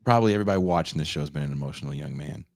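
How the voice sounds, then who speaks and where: His voice is a rumbling low, creaky and racing, as this male podcast co-host tells a story in casual chat. He's animated, swears freely, and acts out quotes. The studio sound is clean with no echo.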